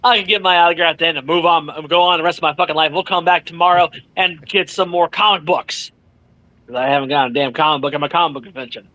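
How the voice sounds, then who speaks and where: A man being interviewed as an author, telling a story with lively energy, swearing freely and acting out what others said. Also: fairly high pitch, quick pace, no room sound, low-quality recording. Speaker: author guest. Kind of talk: animated storytelling in casual chat.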